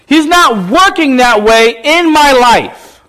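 A man's voice: extremely high pitch, expressive, takes it slowly, pushed and bright, voice pushed up, full character voice. A man preaching voices an oppressed young man who demands answers in rising, exasperated questions. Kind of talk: sermon, acted quote.

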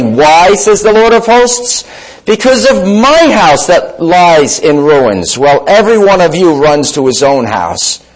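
Animated man preaching a sermon. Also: fairly high pitch, low-quality recording. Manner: animated storytelling, voices the disciples and Jesus; reads scripture aloud.

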